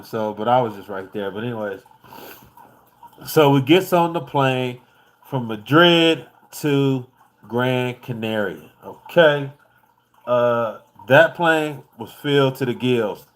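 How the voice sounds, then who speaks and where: A laid-back man from the United States recounts his trip in a loose, profane, easygoing way. His pitch sits in a middle range, and he chuckles now and then while he talks. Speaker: vlogger. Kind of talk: casual travel storytelling.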